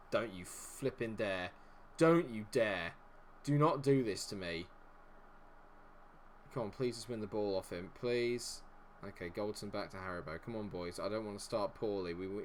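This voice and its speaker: A man's voice: low voice, a little hiss or hum. A man streaming a football management game live, swearing and groaning at the match and chatting with viewers. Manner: exasperated, swears freely at the game. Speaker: gaming streamer. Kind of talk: live gameplay commentary.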